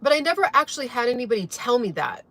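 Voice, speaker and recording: Very animated and quick, a young woman with a fairly high, slightly bright voice talks to camera over breakfast, recorded dry. As a vlogger she rambles chattily to her viewers while she eats.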